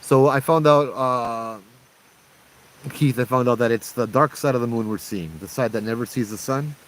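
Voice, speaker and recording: A man's voice: medium pitch, normal speed, slight background noise, low-quality recording. A young man with a Hawaiian accent, hosting a casual night-time livestream outdoors and chatting jokingly while reading out viewer comments. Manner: jokey, chatty, reads out chat comments. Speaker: livestream host.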